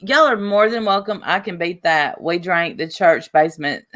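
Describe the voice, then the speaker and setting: A woman's voice: fairly low pitch, normal speed. A woman hosting a livestream in casual, rambling chat with lots of asides. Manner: chatty, rambling, lively asides. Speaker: livestream host.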